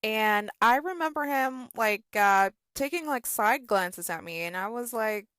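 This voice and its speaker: A woman's voice: on the high side, lively intonation, a little slow, a bit bright, clean tone, dry recording, clean studio sound. A woman, telling a personal story to camera in a chatty, sarcastic way, full of "like" and "okay?". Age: 20s. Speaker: storytime vlogger.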